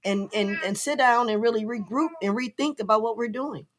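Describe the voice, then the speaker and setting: An older woman hosting a talk show, speaking in an earnest, heartfelt way and slowing down on emotional points. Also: a little high, slight background noise. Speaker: host. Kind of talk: casual talk show chat.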